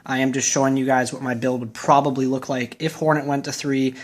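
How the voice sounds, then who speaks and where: A man's voice: medium pitch, flat delivery, a little fast. Chatty man talking through a card deck. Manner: chatty and opinionated. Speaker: YouTube card game channel host. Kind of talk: casual deck profile walkthrough.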